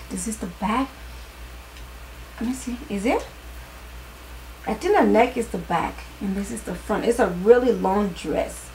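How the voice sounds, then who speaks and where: Tired, gravelly-voiced woman vlogger. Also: mid-range voice, a little hiss or hum, poor audio. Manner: excitable, talks straight to viewers. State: tired, voice starting to crack. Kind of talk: casual clothing haul chat.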